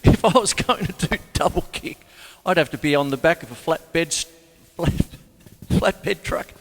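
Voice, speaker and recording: Talking over loud music, a drum teacher and show host speaks at normal speed in an animated voice on the high side. His casual lesson is chatty, rambling, and self-deprecating, captured with long hall reverb and faint drumming.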